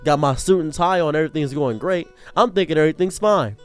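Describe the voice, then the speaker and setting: A young man telling a comedic personal story as a streamer, animated and jokey, jumping into higher voices for quotes. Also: fast, clean tone, soft background music.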